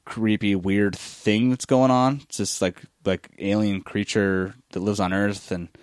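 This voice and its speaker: A man co-hosting a casual podcast chat, reviewing comics in an animated, critical way with plenty of fillers and restarts. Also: lowish voice, unhurried, clean tone, no echo, clean studio sound. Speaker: podcast co-host.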